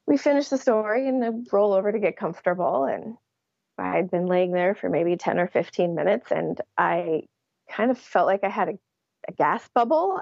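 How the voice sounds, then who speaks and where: A woman's voice: mid-range voice, gravelly, darkish tone, no room sound, highs cut off. A young adult woman, an interview guest, telling her story in a casual way and laughing often. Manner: laughs often while recounting.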